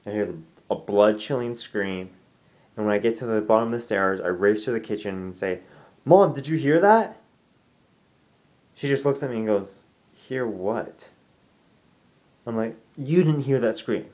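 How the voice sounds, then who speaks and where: A man's voice: fairly low pitch, darkish tone. A young man telling a ghost story from his home to camera, rambling casually with lots of restarts and "I'm like" asides. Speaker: vlogger.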